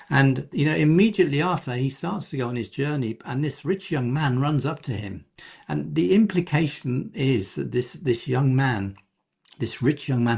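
A man's voice: vocal fry, a little mellow, slightly rough. A man preaching a sermon in a conversational way, dropping into quoted voices as he tells the story. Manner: conversational, acts out quoted voices with pitch jumps.

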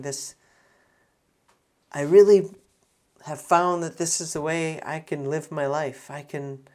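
A preacher giving an earnest sermon, often restarting phrases and swelling for emphasis. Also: medium pitch.

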